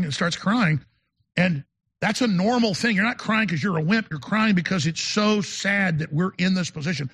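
A man's voice: sits high, animated, moderate pace, gravelly, a bit bright, husky. A man hosting a talk show, delivering an emphatic, rambling monologue and often repeating words. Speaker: show host.

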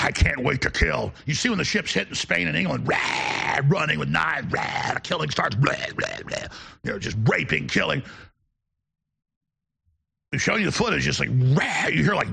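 Man, call-in show host, husky, bright, sarcastic, ranting, shouting. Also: a little high.

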